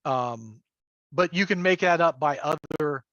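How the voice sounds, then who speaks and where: A man with a slightly high voice chats as a game-master guest on a livestream. He rambles, stacks up fillers and chuckles between thoughts. His sound comes through a remote call mic and is muffled, lo-fi and dry. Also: unhurried, a bit bright, dry recording. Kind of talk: casual livestream chat. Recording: dull lo-fi call audio.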